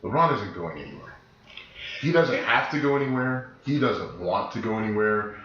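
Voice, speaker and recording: Man, podcast co-host, sick and deeper-voiced, emphatic rambling, very echoey room, dull lo-fi sound. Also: animated, moderate pace, a bit bright. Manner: rambling, emphatic, many restarts. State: sick, voice deeper than usual. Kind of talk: casual chat.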